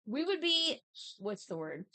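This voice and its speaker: A woman's voice: fairly high pitch, big pitch swings, measured pace, pushed and bright, dry recording. A woman in her thirties hosting a livestream, chatting playfully and reading out chat messages while she draws. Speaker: livestream host.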